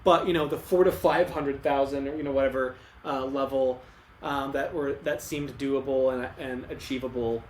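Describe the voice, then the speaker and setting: A man's voice: medium pitch, fairly even intonation, normal speed. A young man co-hosting a podcast, telling his story in casual talk with many restarts and emotional moments. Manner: rambling, restarts often, emotional retelling. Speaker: podcast co-host. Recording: echoey room, faint ambient noise.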